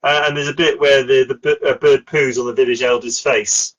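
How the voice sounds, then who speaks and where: A man's voice: medium pitch, steady tone, a little fast, fairly bright tone, low-quality recording. Chatty man hosting a film chat. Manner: chatty, laughs often, many fillers. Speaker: podcast host.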